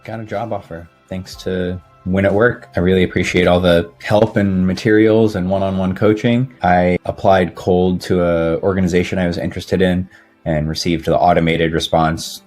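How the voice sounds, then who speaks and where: Guy with a really low flat voice doing a sincere video testimonial, faint music under it. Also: normal speed. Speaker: former client giving a testimonial.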